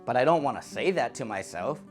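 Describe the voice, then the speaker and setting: Animated young man telling a comic story. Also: medium pitch, brisk, soft background music. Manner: animated, acts out his own thoughts and other people in quoted voices. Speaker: video creator telling a personal story.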